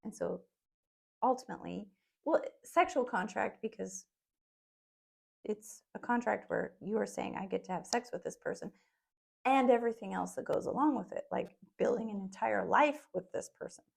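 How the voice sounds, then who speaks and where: A woman's voice: mid-range voice, normal speed, vocal fry, breathy edge. A woman co-hosting a podcast with her husband, speaking frankly and matter-of-factly with emphatic rhetorical questions. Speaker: podcast co-host. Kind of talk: casual chat with her husband.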